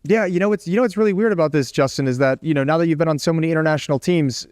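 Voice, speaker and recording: A man's voice: on the high side, very fast, darkish tone, smooth, no echo, clean studio sound. A man hosting a mock podcast interview, rambling and restarting his questions eagerly. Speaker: host of a comedy podcast sketch.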